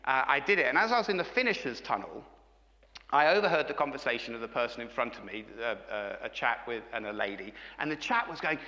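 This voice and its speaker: A man's voice: medium pitch, lively intonation, quick pace, pushed and bright, in a large hall, lo-fi sound. A middle-aged man preaching a sermon, engaging his congregation with frequent questions. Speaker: pastor.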